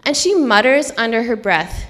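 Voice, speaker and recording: A woman's voice: a little high, animated, moderate pace, fairly bright tone. A young woman with an Upper Midwest American accent telling a true personal story at a live storytelling event, chatty and full of ums and likes. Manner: conversational, many ums and likes. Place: stage in a hall with an audience. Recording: live stage recording with long hall reverb.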